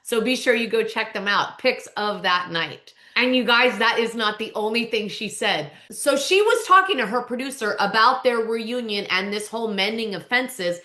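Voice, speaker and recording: A woman's voice: fairly high pitch, animated, moderate pace, hardly any pauses, pushed and bright, echoey room. A woman in her forties hosting a podcast, chatting casually and emotionally with her listeners. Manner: chatty, emotional, keeps saying "you guys". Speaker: podcast host. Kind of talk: casual chat.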